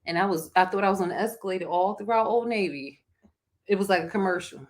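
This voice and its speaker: On a live chat show, this woman co-hosts the podcast in a mid-range voice, speaking fast with a Philadelphia accent. Her delivery is animated and emotional, and she sometimes bursts into song.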